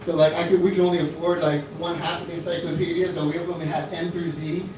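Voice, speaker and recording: A man's voice: a little high, level tone, fast talker, darkish tone, a little hiss or hum. A man in his thirties from Florida doing a rambling stand-up comedy set in a small club, full of fillers and restarts. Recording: echoey club from a distant mic.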